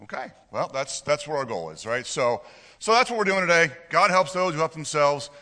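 A man's voice: fairly high pitch, lively intonation, fairly quick, sharp tone. A male pastor preaching a sermon in a conversational way, asking the congregation questions and joking with them. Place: church hall with a congregation. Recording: reverberant hall.

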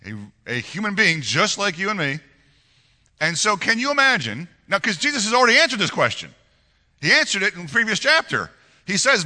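A male pastor preaches with a very bright, forceful tone and a lively, swinging pitch. He reads scripture, then unpacks it with animated rhetorical questions to his congregation, his voice carrying a long reverb through a large hall. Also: brisk. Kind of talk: sermon.

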